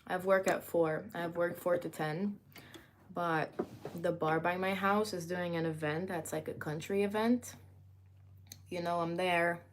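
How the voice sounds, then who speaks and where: A woman's voice: fairly low pitch, fairly even intonation, a little slow, slight background noise. A young woman hosting a casual livestream from home, chatting to viewers and greeting them by name, with plenty of filler words. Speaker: livestream host.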